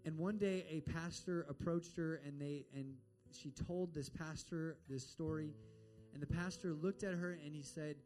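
A man's voice: on the high side, steady tone, moderate pace, darkish tone, faint music behind. A man preaching a sermon and telling a story in an earnest way, acting out the voices of the people in it. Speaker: pastor.

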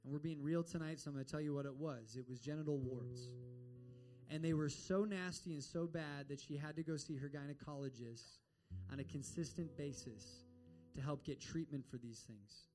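A man preaches a sermon with a mellow, relaxed tone and a fairly high voice. He tells the story earnestly and acts out the voices of its people. Soft guitar plays faintly behind him. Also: normal speed. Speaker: pastor.

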